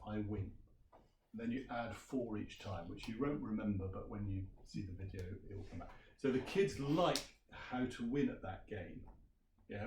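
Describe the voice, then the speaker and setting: Chatty teacher in a roomy hall. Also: male voice, medium pitch, a little mellow, slight background noise. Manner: chatty, quizzes the audience. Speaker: language teacher giving a workshop. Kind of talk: conference workshop presentation. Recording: roomy sound from a distant mic.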